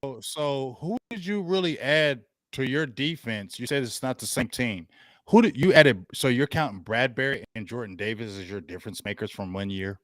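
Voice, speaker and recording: A man co-hosting a sports podcast who needles his rival while insisting he is staying calm. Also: mid-range voice, normal speed, hardly any pauses, no room sound. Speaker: podcast co-host. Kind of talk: sports debate.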